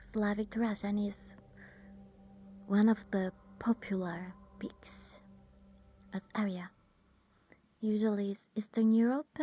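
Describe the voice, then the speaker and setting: A woman talks to her livestream viewers in a soft ASMR whisper. Her voice is breathy and mellow, and her pace is slow. She often stops and restarts with small fillers. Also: mid-range voice. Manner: halting, with many fillers. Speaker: ASMR streamer.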